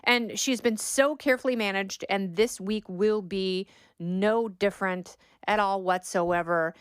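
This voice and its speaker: Sarcastic woman podcast host, crisp and dry. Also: medium pitch, measured pace, no echo. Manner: sarcastic, mocks quoted talking points in exaggerated voices. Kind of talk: opinionated political commentary.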